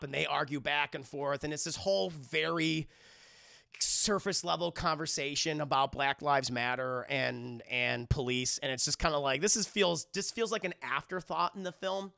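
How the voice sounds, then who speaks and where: A man rambling through a casual, profane movie recap with animated delivery. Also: a little high, vocal fry. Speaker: movie reviewer streaming live.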